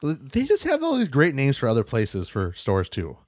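A man's voice: mid-range voice, huge pitch swings, moderate pace, darkish tone, no echo, studio quality. A man co-hosting a casual podcast, reading out news and events with loose, joking asides and casual swearing. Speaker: podcast co-host.

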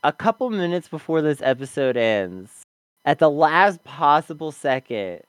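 Smooth-voiced laid-back podcast co-host. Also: mid-range voice, big pitch swings, a little slow, no echo. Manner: laid-back, hedging with fillers. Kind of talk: casual review chat.

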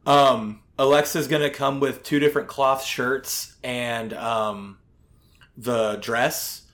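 A man's voice: mid-range voice, fairly even intonation, slow, a bit bright. A man co-hosting a podcast in casual chat, rambling with lots of fillers and the odd swear. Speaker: podcast co-host.

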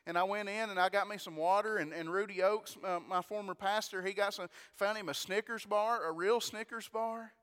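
A man delivers a storytelling sermon in a high, smooth and resonant voice. He talks in an animated way, doubling his words and exclaiming praise. His voice rings with a long reverb, as in a large church hall. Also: normal speed, hardly any pauses. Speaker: preacher.

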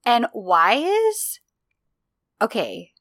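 A woman's voice: on the high side, wildly swooping pitch, drawn-out words, fairly bright tone, dry recording. A woman co-hosting a casual chat, retelling scenes in a chatty, enthusiastic way. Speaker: podcast co-host. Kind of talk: casual chat recapping a TV drama.

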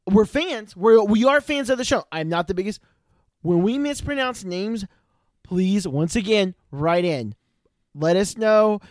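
A man's voice: sits high, lively intonation, measured pace, no echo, studio quality. A man from Ireland, co-hosting a casual TV recap podcast, emphatic and laughing often. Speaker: podcast co-host.

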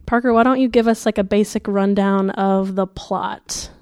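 A young woman hosting a casual podcast, chatty and upbeat with lots of fillers, sounding sick and a bit muffled, talking quietly in a school library. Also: mid-range voice, steady tone, moderate pace, clean tone, no echo. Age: young adult. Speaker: podcast host.

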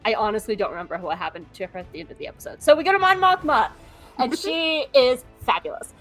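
A young adult woman co-hosting a podcast, recapping episodes in an animated, jokey way. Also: a little high, fast, soft background music, rough recording. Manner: animated, jokey, switches into voices. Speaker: podcast co-host. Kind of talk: casual recap chat.

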